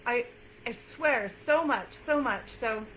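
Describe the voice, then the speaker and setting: A woman's voice: fairly high pitch, slow, a bit bright, rough recording. Woman coach chatting to camera, earnest n encouraging, lots of um and you know, faint hiss behind. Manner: earnest, encouraging, many fillers; repeats phrases for emphasis. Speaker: nutrition coach. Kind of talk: casual talk to camera.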